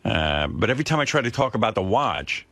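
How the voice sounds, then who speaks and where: A man's voice: fairly low pitch, big pitch swings, a little fast, fairly bright tone, no echo. A man hosting a radio show, rambling and exasperated as he tells a story. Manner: rambling, exasperated, self-deprecating. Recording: dry studio sound.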